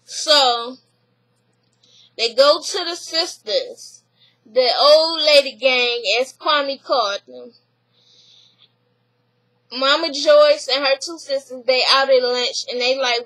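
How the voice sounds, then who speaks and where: A woman's voice: high voice, slow pace, long pauses, rough recording. A woman casually recapping a reality show, laughing and acting out the people she quotes. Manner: laughing, animated retelling with voiced quotes.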